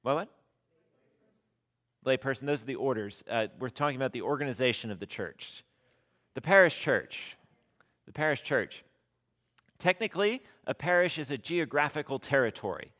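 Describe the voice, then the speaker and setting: A man, a rector teaching a church class in a relaxed, conversational way, repeating key words and asking the class questions. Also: medium pitch, normal speed, long pauses.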